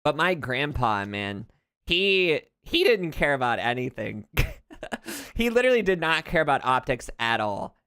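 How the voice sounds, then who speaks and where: A man's voice: mid-range voice, big pitch swings, unhurried, bright, forceful tone, clear, resonant tone, no room sound, clean studio sound. A young man from the southern United States with a light Southern accent, streaming and chatting casually. He rambles, drifts into tangents and laughs often. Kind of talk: casual chat while gaming.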